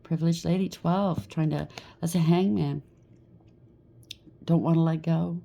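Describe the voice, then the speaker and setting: A woman's voice: low-pitched, steady tone, a little slow, vocal fry, warm tone. A woman giving a casual tarot reading, chatty and reassuring, often checking in with "okay?" and "right?". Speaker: tarot reader.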